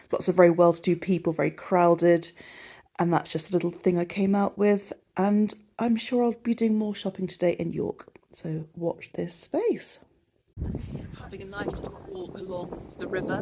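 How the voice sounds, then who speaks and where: A woman's voice: on the low side, dark tone. A woman in her forties with a southern English accent, chatting casually and rambling a little as she films a vlog while walking outdoors. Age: 40s. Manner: chatty, rambling, self-deprecating. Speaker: vlogger.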